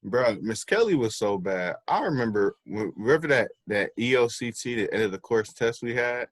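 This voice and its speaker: A young man co-hosting a podcast, telling animated stories about school and acting out his old teachers. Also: mid-range voice, normal speed. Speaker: podcast co-host. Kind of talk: casual chat.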